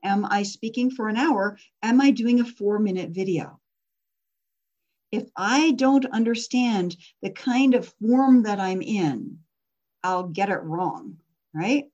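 Woman, workshop teacher, casual, asks the room questions, mid pitch, slightly dull sound. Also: a little mellow. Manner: conversational, asks the audience questions. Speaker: persuasion teacher.

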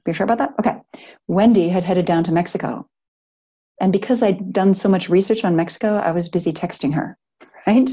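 Mellow middle-aged woman teaching a class. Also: fairly low pitch, lo-fi sound. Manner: earnest, rambling, with frequent restarts and laughs. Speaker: yoga and retreat teacher. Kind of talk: talk to a live class.

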